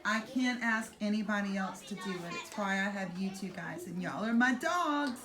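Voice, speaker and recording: A woman teacher explaining Shakespeare in casual modern words, playful and animated. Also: mid-range voice, roomy sound, recorded from a distance, background noise. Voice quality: animated, playful, quick to rephrase. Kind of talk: lively classroom paraphrasing. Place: classroom.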